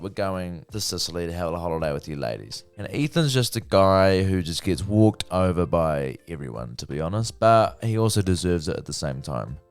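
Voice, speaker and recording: Young dude with a low smooth voice chatting about a show, swears a lot, super casual. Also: male voice. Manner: chatty, swears freely, acts out characters' lines. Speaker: TV review vlogger. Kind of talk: casual spoken review.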